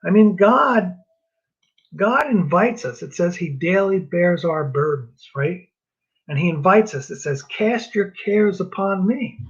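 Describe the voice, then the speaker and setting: Man from New Jersey, marriage class teacher, raised husky voice, dull lo-fi recording, earnest and rambling. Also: high voice, lively intonation, unhurried. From New Jersey, US East Coast. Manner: earnest, repeats himself, self-deprecating asides. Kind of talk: casual teaching talk.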